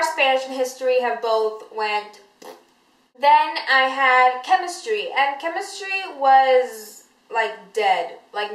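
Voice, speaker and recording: Chatty teenage girl, slightly high voice. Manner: animated storytelling, many likes and you-knows. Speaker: vlogger. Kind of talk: casual chatty vlog. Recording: roomy echoey room.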